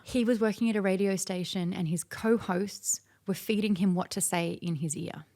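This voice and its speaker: A woman guest in an interview, chatting casually and telling stories with animated, acted-out quotes. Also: medium pitch, normal speed. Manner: animated storyteller who acts out quoted dialogue.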